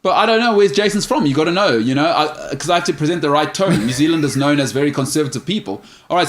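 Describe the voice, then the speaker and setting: A man's voice: a little high, fast. Joking, opinionated male sports host. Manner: opinionated, joking, stumbles over names. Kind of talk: casual sports chat reading viewer questions.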